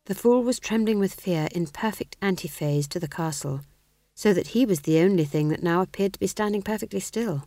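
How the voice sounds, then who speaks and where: A woman narrates a comic fantasy novel in a lowish, steady voice. Her delivery is measured and expressive. The recording is close and dry, with no room sound. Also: no echo. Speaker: audiobook narrator.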